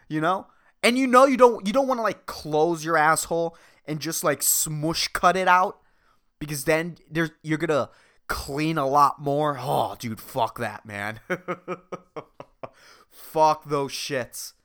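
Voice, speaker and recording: A woman's voice: low-pitched, a little slow, a bit bright. A woman hosting her own podcast, ranting profanely and exasperatedly in a rambling, comedic solo monologue. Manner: rambling, with restarts and filler. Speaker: podcast host.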